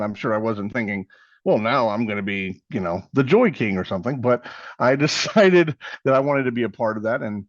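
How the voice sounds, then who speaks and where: A man's voice: mid-range voice, no room sound, muffled recording. A man in his forties from Texas, a podcast guest telling rambling, self-mocking stories and acting out the people he quotes. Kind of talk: casual interview storytelling.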